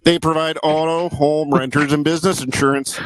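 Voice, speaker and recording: A man putting on a jumbled mock accent to play a folksy northern-US insurance pitchman in a joke ad read. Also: steady tone, a little fast, slight background noise, close to an everyday voice, low-quality recording.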